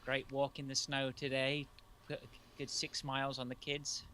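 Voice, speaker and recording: A man co-hosting a podcast from home in Canada, joking with dry, deadpan sarcasm. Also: medium pitch, normal speed, a little hiss or hum. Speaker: podcast co-host. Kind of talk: casual podcast chat.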